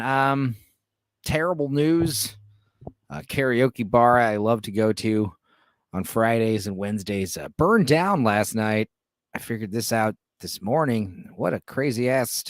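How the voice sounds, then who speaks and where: Male podcast host: casual, rambling, profane, animated pitch, dry close-mic sound. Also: no room sound. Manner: rambling and irreverent, with frequent swearing and fillers.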